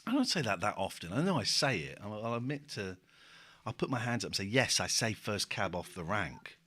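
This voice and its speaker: A man's voice: fairly low pitch, sing-song, brisk, sharp tone, husky. Wry man reading chat comments. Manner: wry, reads out viewer comments. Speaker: stream host. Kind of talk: casual late-night stream chat.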